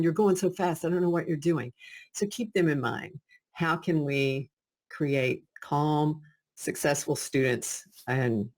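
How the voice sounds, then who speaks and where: A woman's voice: low voice, a little mellow. Upbeat woman co-hosting a webinar. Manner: encouraging, upbeat, thanks chat participants. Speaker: webinar co-host. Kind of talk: casual webinar talk.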